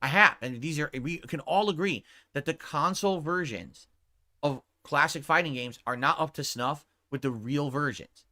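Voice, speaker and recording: Bright-voiced man ranting angrily on stream. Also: fairly high pitch. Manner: heated, profane, keeps asking 'right?'. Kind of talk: angry livestream rant.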